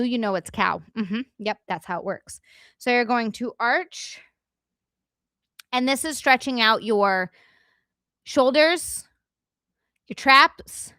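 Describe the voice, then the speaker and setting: A woman hosting a casual livestream, chatting with viewers and talking through a yoga stretch, playful and quick to swear. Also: sits high, fairly bright tone, no room sound, studio quality. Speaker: livestream host. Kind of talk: casual livestream chat with exercise demo. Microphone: headset.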